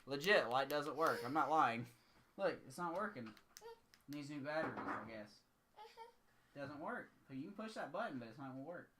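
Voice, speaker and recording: A man's voice: mid-range voice, expressive, moderate pace. A man chatting casually with his family while streaming from a room at home, in an easygoing, teasing way. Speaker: game streamer. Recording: noisy home stream audio.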